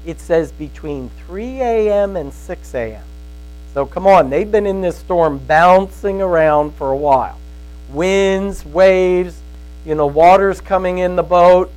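Folksy storytelling man, fairly high voice. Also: unhurried, a little mellow, poor audio. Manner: storytelling, folksy, asks "right?" often. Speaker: Bible teacher. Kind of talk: conversational sermon.

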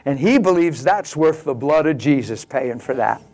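A male pastor preaching a sermon, telling a story and swinging from quiet, slow lines to loud exclamations. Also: on the high side, animated, faint music behind.

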